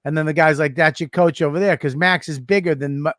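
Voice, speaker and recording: A man with a Boston accent telling a lively story in casual podcast chat, laughing as he goes. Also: on the high side, fast talker, no room sound, clean studio sound. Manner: animated, laughs while telling stories. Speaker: podcast co-host.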